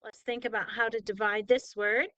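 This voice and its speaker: A spelling teacher patiently tutors a student, breaking words into syllables and praising correct answers in a slow lesson. Her voice is on the high side and level in tone, at normal speed, bright and forceful, and the recording is dry.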